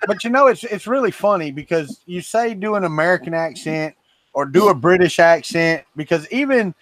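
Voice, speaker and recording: High-voiced Southern man, folksy teasing. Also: expressive, moderate pace, noisy background. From Florida. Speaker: co-host of a livestream. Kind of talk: casual chat.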